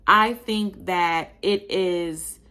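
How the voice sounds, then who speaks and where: A woman hosting a casual talk show, reading out a news story and reacting with soft exclamations along the way. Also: on the low side, fairly even intonation, very slow, clear, resonant tone. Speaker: host.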